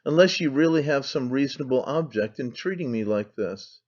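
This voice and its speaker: Man doing a cool distant nobleman, even and reserved, muffled lo-fi sound. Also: mid-range voice, normal speed, natural voice. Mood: irritated. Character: cold, aloof aristocratic young man. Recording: slightly dull lo-fi sound.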